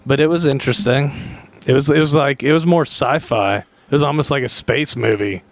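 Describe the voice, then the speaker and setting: A man's voice: mid-range voice, brisk, no room sound. A man co-hosting a casual podcast with dry, sarcastic humor. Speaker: podcast co-host.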